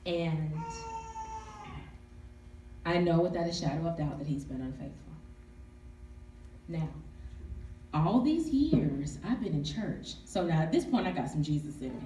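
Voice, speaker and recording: A woman's voice: deep voice, lively intonation, unhurried, pauses often, mellow, slight background noise. A woman, telling a candid, humorous story to a live audience at a book event. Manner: candid, humorous, testifying, calls for audience response. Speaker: author and speaker. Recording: echoey hall, distant mic, audience.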